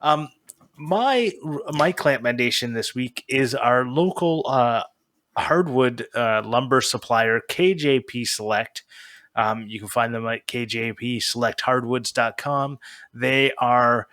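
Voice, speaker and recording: A man co-hosting a podcast, speaking with a bright, forceful voice. His talk is casual and rambling, full of ums and restarts. The sound is dry and close. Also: mid-range voice, slow, no room sound. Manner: rambling, filler-heavy recommendations. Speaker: podcast co-host.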